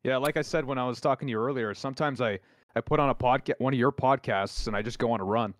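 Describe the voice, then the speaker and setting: A man's voice: medium pitch, fast talker, dry recording, clean studio sound. A man appearing as a guest on a podcast, talking in an eager, friendly way. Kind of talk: casual chat.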